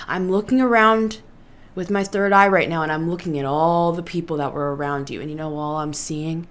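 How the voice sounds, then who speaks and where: A woman giving a casual tarot reading, talking deliberately and meditatively straight to the listener. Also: sits low, steady tone, slight background noise. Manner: deliberately slow, meditative and talkative, addressing the listener directly. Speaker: tarot reader.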